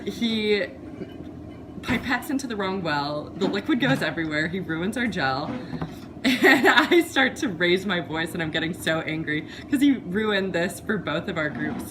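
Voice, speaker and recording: Low-voiced young woman telling a story. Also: a little slow. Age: 20s. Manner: animated storytelling, voice rising as she tells it. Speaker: biology student. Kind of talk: recounting a personal story in an interview. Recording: noisy background.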